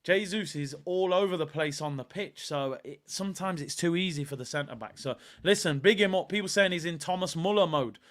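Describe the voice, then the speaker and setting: Hosting a live football watch-along, this man speaks on the high side, a little fast and a bit bright, with hardly any pauses. His casual talk is emphatic, full of repeated lines for effect and replies to viewer comments.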